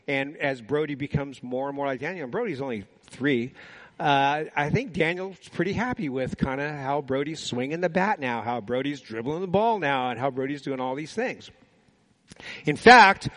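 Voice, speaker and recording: A man's voice: on the high side, fairly bright tone. Folksy older male preacher. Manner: folksy storytelling, asks the audience questions. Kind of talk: sermon.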